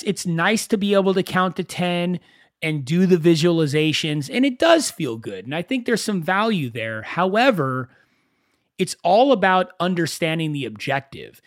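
A man hosting a solo podcast, talking in a conversational, animated storytelling way with self-mocking asides. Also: high-pitched, dry recording, studio quality. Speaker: podcast host.

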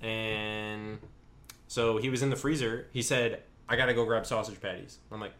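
A man's voice: lowish voice, fairly even intonation, moderate pace, a bit bright. A man in his twenties casually telling a long, rambling anecdote on a podcast, full of fillers. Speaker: podcast co-host. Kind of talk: casual chat, storytelling.

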